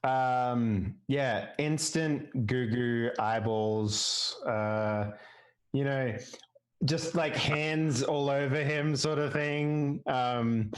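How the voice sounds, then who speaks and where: A man playing a tabletop role-playing game over voice chat, halting with many restarts and joking freely. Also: mid-range voice, rough recording. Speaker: player. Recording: online voice chat.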